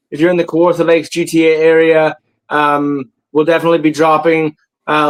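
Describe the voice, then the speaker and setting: Brief: male co-host, light higher voice, easygoing, filler-heavy. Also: low-quality recording. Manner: laid-back, chatty, hesitant fillers. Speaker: podcast co-host. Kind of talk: casual live podcast chat.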